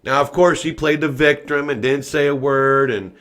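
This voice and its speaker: A man hosting a political podcast, talking in a profane ranting style that swings from quiet muttering to loud shouting. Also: on the high side, fairly even intonation, moderate pace. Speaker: podcast host. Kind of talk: political commentary rant.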